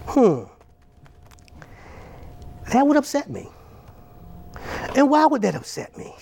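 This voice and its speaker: Male preacher w a gravelly rough voice, repeats himself and builds it up, sermon style. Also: very high-pitched, very animated, normal speed, long pauses, a little mellow. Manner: repetitive, building, emphatic preaching.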